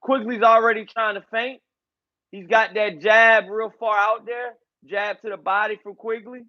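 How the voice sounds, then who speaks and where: A high-pitched man calls a boxing fight live for his stream, loose and excitable, tossing in "man" and "y'all" constantly. His home mic sounds a little dull and muffled. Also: normal speed. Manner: loose, hyped, repeats catchphrases and fillers like man and y'all. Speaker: boxing commentator and channel host.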